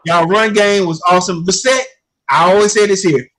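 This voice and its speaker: High, bright rambling storyteller man. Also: a little fast. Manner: rambling storyteller, repeats "I ain't gonna lie to you". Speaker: guest commentator. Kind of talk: casual sports chat.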